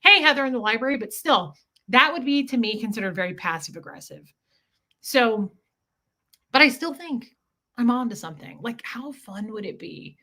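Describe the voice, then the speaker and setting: A woman's voice: a little high, animated, moderate pace, bright, forceful tone. A woman hosting a casual livestream, telling stories in a chatty way and acting out the dialogue as she goes. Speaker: livestream host.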